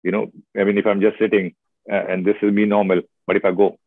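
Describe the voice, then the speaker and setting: A middle-aged man with an Indian English accent, an actor chatting in an interview, telling stories expressively with lively asides. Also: fairly low pitch, fast talker, dry recording. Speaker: actor guest. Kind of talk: casual interview chat. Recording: dry, tinny phone-like sound.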